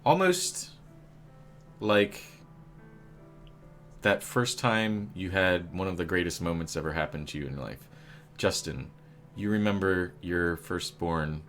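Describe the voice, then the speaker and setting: A low-voiced man running a tabletop game as game master, speaking slowly and deliberately. He rambles, filling gaps with ums and likes and tossing in silly asides, with faint music underneath. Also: fairly bright tone. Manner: rambling, many fillers, jokey asides.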